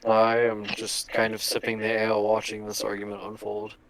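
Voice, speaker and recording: A man with a low, flat voice plays a tabletop game. He sounds laid-back and understated. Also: moderate pace, low-quality recording. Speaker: player. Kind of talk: casual tabletop play.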